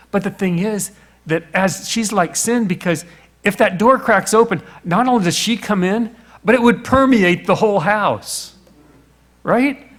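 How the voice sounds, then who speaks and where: Man, middle-aged, high-pitched, sermon storytelling, playful rhetorical questions. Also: a bit bright. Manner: storytelling, acts out voices, asks rhetorical questions. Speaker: preacher.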